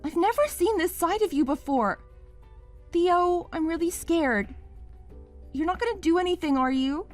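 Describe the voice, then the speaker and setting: A woman's voice: very high-pitched, normal speed, long pauses, soft background music. A woman voicing a wife named Mia in a scripted drama, pleading at first and then sharply accusing her husband.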